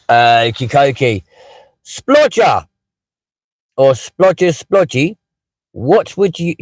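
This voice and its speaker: Hosting a casual live stream from a parked car, a man reads out viewer comments, chatting with lots of fillers and asides. His voice is mid-range and a little mellow, with no echo but poor audio.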